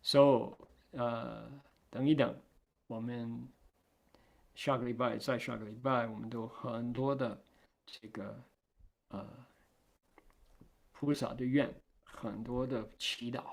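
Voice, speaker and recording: A man's voice: mid-range voice, fairly even intonation, slow pace, gravelly, long pauses. A man, a Buddhist monk, gives a dharma talk on a sutra, puts questions to his listeners and acts out short exchanges. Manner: translates himself between English and Chinese; asks the audience questions.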